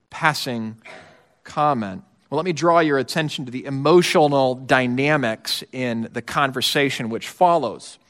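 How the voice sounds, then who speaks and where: A middle-aged man delivers a sermon to his congregation. He speaks conversationally and mixes in wry, offhand asides, in a voice that sits a little high for a man. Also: a bit bright, long reverb tail. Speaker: pastor.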